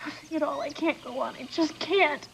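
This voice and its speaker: A high-voiced, despairing woman. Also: moderate pace, creaky. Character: grieving young woman in despair.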